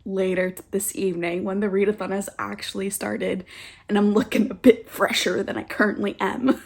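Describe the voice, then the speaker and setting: A young woman in her twenties, talking fast and excitedly in a casual reading vlog. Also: medium pitch, gravelly. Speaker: book vlogger.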